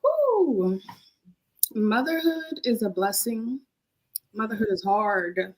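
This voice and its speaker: A woman's voice: medium pitch, fairly even intonation, normal speed, a bit bright, low-quality recording. Emotional young woman, casual heartfelt talk. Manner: emotional, heartfelt, repeats phrases. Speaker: podcast guest. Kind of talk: casual chat.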